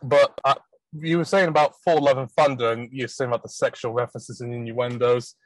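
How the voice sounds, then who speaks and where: A man's voice: mid-range voice, steady tone, a little fast, no room sound, low-quality recording. A British man co-hosting a casual chat, rambling and joking, now and then slipping into mock accents. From Britain. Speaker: podcast co-host.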